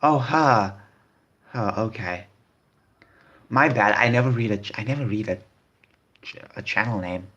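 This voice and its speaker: Rambling man with a lowish voice. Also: measured pace, pauses often, a bit bright, lo-fi sound. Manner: rambling, repeats phrases. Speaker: video host. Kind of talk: casual commentary reading online posts.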